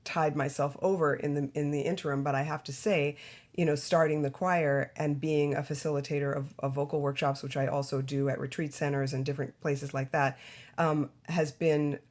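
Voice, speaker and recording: A middle-aged actress talking about her career as a podcast guest, animated and chatty, often breaking into laughs. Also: low voice, moderate pace. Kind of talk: casual interview chat.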